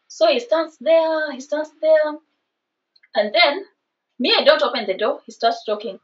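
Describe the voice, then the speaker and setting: Casting note: Kenyan woman in her twenties, high voice, lively storyteller, slightly distant dull recording. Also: moderate pace. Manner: animated, mixes in Swahili slang. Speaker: vlogger. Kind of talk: casual storytime.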